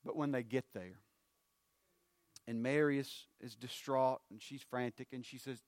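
A man, preaching a sermon. His loud, rising appeals drop to low, hushed phrases. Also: fairly even intonation, measured pace, no echo, studio quality.

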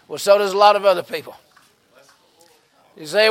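A man with a Southern US accent preaching a fervent revival sermon in a church, breaking into sudden shouts and exclamations. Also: fairly high pitch, fairly even intonation, moderate pace, pauses often. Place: church sanctuary.

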